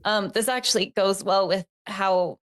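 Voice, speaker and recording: A woman's voice: medium pitch, measured pace. A woman telling a story in a casual interview, earnest and reflective, with many fillers. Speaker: podcast co-host, guest.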